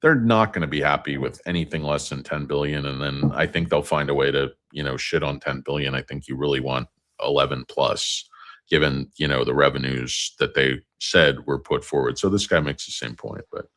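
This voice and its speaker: A man hosts a casual stock market livestream and reads viewer comments out loud. His voice is exceptionally deep and low. He rambles, cracks jokes at his own expense, and drifts between topics. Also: moderate pace. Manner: rambling, joking, self-mocking.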